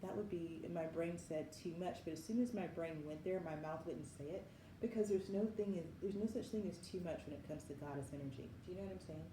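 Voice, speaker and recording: Talking fast in a lowish voice, a tarot reader in her 40s from the Southern United States delivers an effusive, musing spiritual reading, frequently describing things as wild. There's echo from the room plus background noise.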